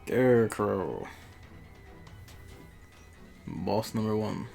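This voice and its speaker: A man's voice: lowish voice, very slow, vocal fry, a little mellow, soft background music. A man chatting offhand and swearing while streaming a mobile game. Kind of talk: casual gaming stream chat.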